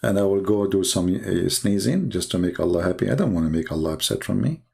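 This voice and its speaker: A man's voice: sits low, fast, creaky, a little mellow. A man whose first language is Arabic, speaking English with an Arabic accent in sarcastic, mocking commentary full of fillers and restarts. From Arab world. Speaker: host. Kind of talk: mocking live-stream commentary.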